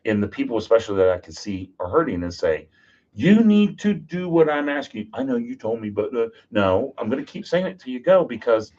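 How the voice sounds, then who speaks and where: Animated man telling stories. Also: mid-range voice, breathy edge. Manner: animated, jokey, acts out quotes. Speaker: podcast guest. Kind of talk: casual storytelling. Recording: dull lo-fi podcast audio.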